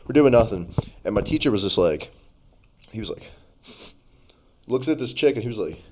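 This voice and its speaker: A man's voice: lowish voice, lively intonation, fairly quick, pauses often, a little mellow, rough recording. A man, co-hosting a podcast and telling long rambling stories full of fillers and restarts. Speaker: podcast co-host. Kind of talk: casual chat.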